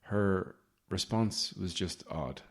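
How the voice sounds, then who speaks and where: Man, very low voice, podcast host, comedic monologue, sardonic, swears, rambling. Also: takes it slowly.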